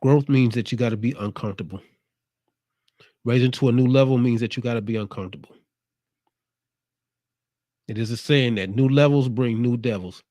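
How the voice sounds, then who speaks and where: On his own show, a male host delivers a casual, streetwise motivational monologue with a preachy edge. His mid-range voice has a dark tone and moves at normal speed with long pauses, with no room sound. He comes across as laid-back, streetwise, and preachy.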